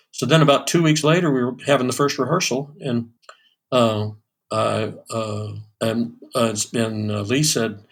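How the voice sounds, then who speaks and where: Guest, 60s male drummer, rambling anecdotal delivery, mid pitch. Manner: animated anecdotes with many restarts and fillers. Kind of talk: storytelling in a podcast interview.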